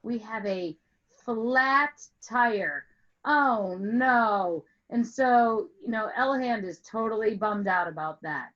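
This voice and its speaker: Teaching music over an online call with screen share, a woman tells a playful story, stretching words for emphasis and quizzing her listeners. She speaks slowly in a fairly bright voice on the high side, and the audio's highs are cut off.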